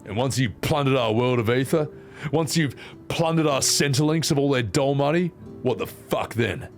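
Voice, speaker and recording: A man's voice: medium pitch, expressive, normal speed, soft background music, lightly acted. A man with an Australian accent voicing a brash young warrior princess, blunt and crude. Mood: scolding.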